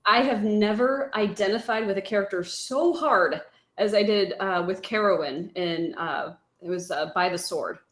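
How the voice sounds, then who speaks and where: Woman gushing excitedly, mid-pitch voice, echoey kitchen room sound. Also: moderate pace. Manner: gushing, enthusiastic. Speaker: podcast co-host. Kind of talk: casual chat. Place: home kitchen.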